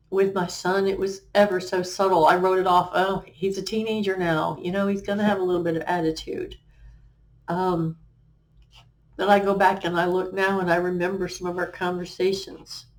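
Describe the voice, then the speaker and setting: A middle-aged woman, a life coach, sharing her personal story on a talk show in an earnest, halting way, with many fillers and restarts. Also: medium pitch, level tone. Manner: quotes remembered conversations.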